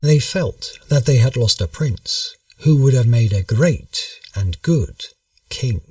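A man narrating a history story in a measured, storytelling manner. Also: medium pitch, animated, dark tone, dry recording, recorded from a distance.

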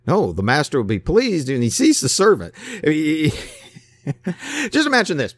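Male preacher, casual sermon, lively swooping pitch, fairly high voice, dry close sound. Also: moderate pace, long pauses, no room sound. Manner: folksy, acts out voices in his stories.

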